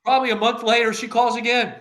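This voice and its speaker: A man's voice: very high voice, fast. An older man, a former agency director, telling anecdotes in an interview and acting out the dialogue he quotes, with frequent laughter. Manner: animated storyteller who acts out quoted dialogue, laughing often.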